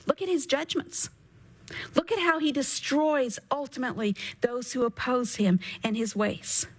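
Woman doing a radio bible teaching, kinda high voice, earnest, slows way down on the verses. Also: fairly even intonation, breathy edge, low-quality recording. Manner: earnest, reads scripture slowly with emphasis. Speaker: Bible teacher and show host.

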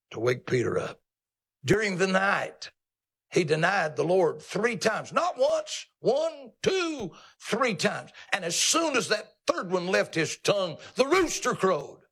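Creaky-voiced male preacher with emphatic leaps. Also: big pitch swings, a little slow, fairly bright tone. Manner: emphatic, folksy and teasing, with sudden pitch leaps. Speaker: pastor. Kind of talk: sermon.

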